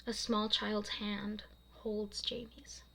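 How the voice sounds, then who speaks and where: A young woman, the author, reading her own fiction aloud in a soft, casual way and laughing at her own slips. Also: medium pitch, level tone, slow pace, vocal fry, poor audio.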